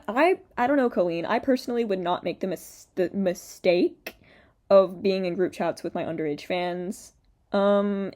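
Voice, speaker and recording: A woman's voice: mid-range voice, a little mellow. A young woman doing reaction commentary, sarcastic and exasperated, swearing freely. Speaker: commentary youtuber.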